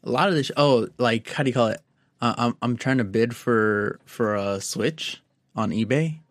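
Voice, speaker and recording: A man's voice: medium pitch, normal speed, no room sound, studio quality. A man in a casual podcast chat, rambling with lots of fillers and some cursing. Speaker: podcast co-host.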